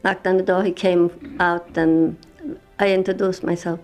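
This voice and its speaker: Soft music plays behind an older Polish woman in her 70s, a native Yiddish speaker, as she is interviewed about her life. Her voice is on the low side, darkish, with little pitch movement, and she tells her emotional story haltingly in broken English.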